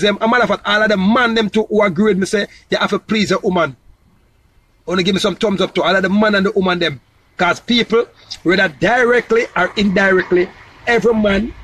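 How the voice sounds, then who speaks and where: High-voiced Jamaican man rambling. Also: a bit bright, slightly rough, poor audio. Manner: loose, repetitive, asks "you understand?". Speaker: entertainer promoting his new song. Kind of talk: rambling casual monologue.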